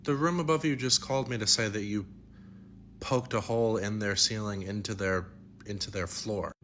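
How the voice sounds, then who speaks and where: A man's voice: on the low side, normal speed, a bit bright, slight background noise. A man acting in a comedy sketch as a residence hall staffer, patient and lecturing.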